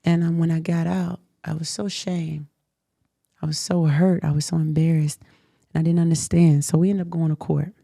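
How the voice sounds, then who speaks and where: A young adult woman hosting a show, telling a personal story in a candid interview, animated and emphatic, laughing often. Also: low-pitched, moderate pace, vocal fry, no room sound, clean studio sound. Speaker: host.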